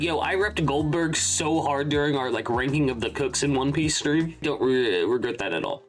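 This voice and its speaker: A man's voice: mid-range voice, expressive, moderate pace, hardly any pauses, soft background music. Chatty young man reacting to a manga. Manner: chatty, rambling, self-correcting. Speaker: channel host.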